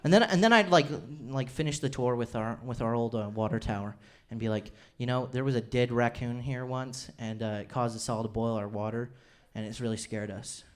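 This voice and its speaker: A young man from Utah works a comedy club crowd through a handheld mic, chatty and self-deprecating, with quick impressions of his relatives. His voice sits at an average pitch, and faint laughter and clicks come through behind him. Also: a little hiss or hum. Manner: self-deprecating, chatty, mimics family members in quick asides. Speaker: stand-up comedian. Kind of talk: stand-up comedy set. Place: comedy club stage before a laughing audience.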